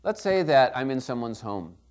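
A man's voice: medium pitch, big pitch swings, moderate pace. A middle-aged man preaching a sermon in a conversational way, often checking in with the congregation. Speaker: pastor.

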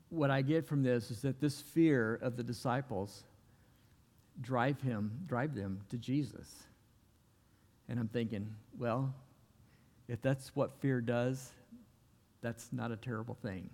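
A pastor delivers a sermon in a church, and his voice trails off into a long hall reverb. His pitch is mid-range and his style is relaxed and folksy, and he sometimes acts out the people he quotes. He takes it slowly, leaving long pauses.

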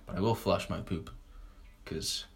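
A man's voice: sits low, unhurried, noisy background. A young man, a stand-up comic hosting a podcast, rambling in a laid-back, crude, joking way. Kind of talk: casual rambling comedy chat.

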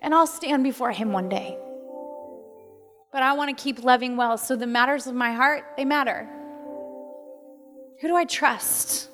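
A woman's voice: sits high, a little slow, long pauses. A woman, middle-aged, preaching a heartfelt sermon with laughter and moments of tears. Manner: heartfelt, tearful at times, laughs often. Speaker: pastor. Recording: long hall reverb with soft music.

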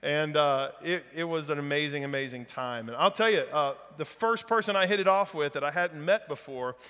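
Enthusiastic pastor, folksy. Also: male voice, fairly high pitch, moderate pace, sharp tone, smooth, in a large hall. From northeast Louisiana. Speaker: guest pastor. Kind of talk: sermon with humor. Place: church sanctuary.

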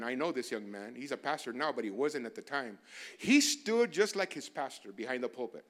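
A man preaching a sermon as a pastor, moving from quiet asides to loud, urgent exhortations. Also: mid-range voice. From barrio in the United States.

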